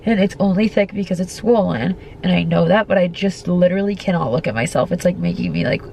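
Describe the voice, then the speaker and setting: A woman's voice: on the low side, fast, creaky, dark tone, a little hiss or hum. A young woman in her twenties, congested and talking strangely, chatting casually in a recovery vlog with lots of "like". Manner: chatty, lots of "like", dips into whispers. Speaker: vlogger.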